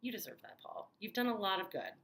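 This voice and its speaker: A woman voicing a kindly townsperson soothing a panicked man, in a hushed, partly whispered, coaxing voice. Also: medium pitch, sing-song, quick pace, slight background noise, voice pushed up.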